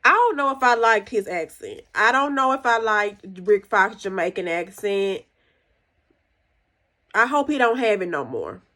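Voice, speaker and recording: A woman's voice: expressive, a little slow, pushed and bright. A woman hosting a podcast, chatting casually as she reviews a TV episode and gives her opinions. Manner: chatty and conversational, recounting scenes with opinions; jumps higher when acting out quoted characters. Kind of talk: casual solo review chat.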